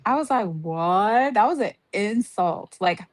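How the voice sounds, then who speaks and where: A woman's voice: medium pitch, lively intonation, a little slow, no echo. A woman co-hosting a show review, ranting in an exasperated way with lots of "like" and fillers. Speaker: podcast co-host. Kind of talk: casual review chat.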